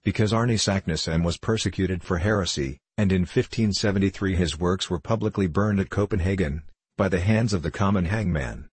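A man's voice: low voice, a little fast, few pauses, a little mellow, husky, dry recording. A man reading the part of a kindly, earnest male scholar who plays a polite and formal host, in a storybook reading. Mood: courteous. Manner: courteous, formal.

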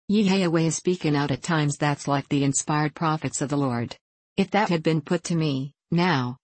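A woman acts out a rugged older Scottish husband from the backwoods, low, hushed and tender. He rolls out broad dialect in a close, dry storybook reading. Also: no room sound, rough recording.

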